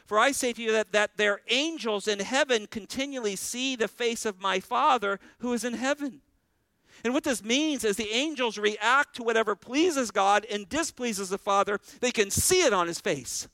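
A man's voice: very high voice, normal speed, sharp tone, dry recording, low-quality recording. A male pastor preaching a sermon, earnestly putting questions to his congregation.

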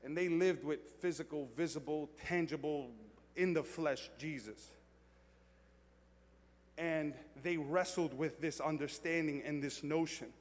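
A man preaching a sermon as pastor, moving from quiet reflection to loud, excited storytelling. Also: on the high side, unhurried, big-room sound.

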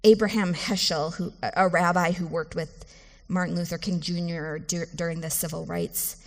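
A woman's voice: lowish voice, fairly even intonation, normal speed, big-room sound. A woman pastor giving a sermon in a conversational, earnest way, often restarting her phrases. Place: church sanctuary.

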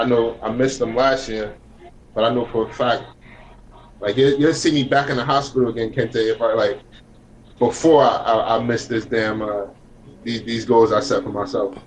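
A male guest speaking earnestly in a casual chat. He tends to ramble and pokes fun at himself. His voice sits at a medium pitch. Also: fairly even intonation, normal speed, long pauses, poor audio. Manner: earnest, rambling, self-deprecating.

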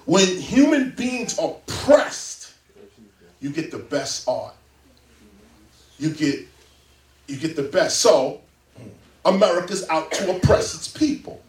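A man speaking as a guest before a live audience in a library, lecturing in an animated, emphatic way. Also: on the high side, measured pace. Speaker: interview guest. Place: public library event room. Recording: roomy, distant mic.

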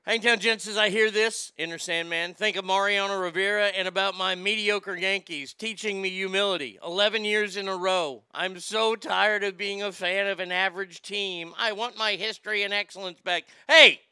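Bright, crisp-voiced man hosting a stream. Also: sits high, moderate pace, hardly any pauses, dry recording, clean studio sound. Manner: loud, animated, swearing, reads chat aloud. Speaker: live stream host greeting chat. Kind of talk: casual morning chat show.

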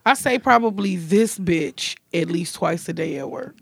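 A woman's voice: on the low side, lively intonation, husky, dry recording. A woman co-hosting a casual podcast, talking bluntly and crudely about her day. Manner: blunt, crude, quick-witted. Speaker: podcast co-host. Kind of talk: casual chat.

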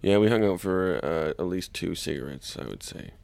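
A man's voice: deep voice, animated, normal speed, creaky, darkish tone, a little hiss or hum. A man co-hosting a comedy podcast in casual chat, laid-back, with dry remarks. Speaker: podcast co-host.

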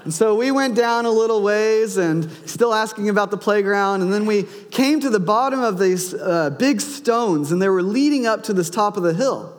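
A man's voice: sits high, expressive, normal speed, few pauses. A man in his thirties, a pastor preaching a sermon, telling a personal story and acting out his son's lines and his own. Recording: long hall reverb.

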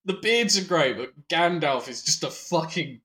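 Podcast guy, pretty high voice that jumps all over, chatty and sweary. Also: moderate pace. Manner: animated, laughing, swearing. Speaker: podcast co-host. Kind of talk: casual chat.

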